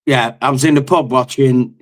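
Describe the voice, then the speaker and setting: A man's voice: medium pitch, fairly even intonation, normal speed. A man, a football fan on a live call-in panel, talking bluntly, swearing often and telling stories as he rants about his team. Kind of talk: heated fan call-in rant.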